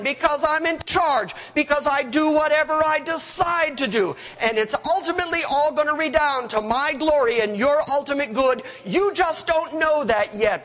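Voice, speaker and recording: A man's voice: very high-pitched, pushed and bright, voice pushed up, exaggerated voice, poor audio. A man voicing God as a sovereign ruler rebuking a man, emphatic and commanding.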